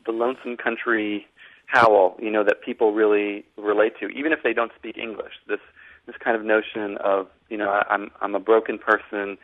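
A man from Boston, an author and guest, talking thoughtfully with many restarts over a tinny phone line. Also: fairly low pitch. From Boston, United States. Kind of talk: casual interview conversation.

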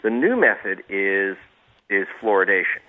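A man's voice: deep voice, lively intonation, moderate pace. A man, a reporter, speaking as a guest in a radio interview, sarcastic and digressive with many restarts. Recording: tinny phone line.

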